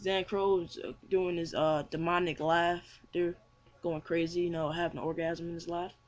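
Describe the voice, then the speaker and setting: A man's voice: on the high side, little pitch movement, normal speed. A young man casually reviewing a manga chapter, rambling with many fillers and restarts. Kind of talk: casual chat.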